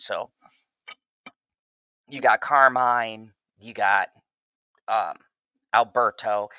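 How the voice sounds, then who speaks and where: A man's voice: on the low side, pushed and bright, smooth, no room sound, lo-fi sound. A man casually recapping a crime drama episode in a loose, profane review. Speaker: show reviewer.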